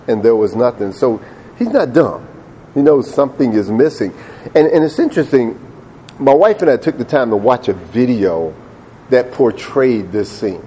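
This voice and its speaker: Brief: male preacher, sermon storytelling, mellow tone, mid-range voice, casual and repetitive when emphatic. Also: mid-range voice, slight background noise. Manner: conversational storytelling, repeats words when emphatic.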